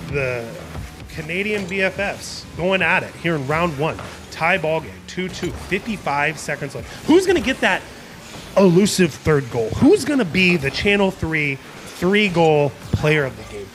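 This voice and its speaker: Young guy calling an esports match, bouncy animated voice, goofs around, music playing behind. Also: on the high side. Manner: playful, jokey play-by-play. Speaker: esports caster. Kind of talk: live game commentary.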